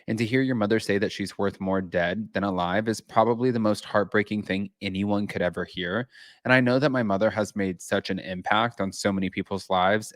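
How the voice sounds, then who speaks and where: Chatty low-voiced man hosting. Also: no echo, studio quality. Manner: chatty, reads news aloud. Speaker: host. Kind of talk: casual chat. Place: home, with his cat.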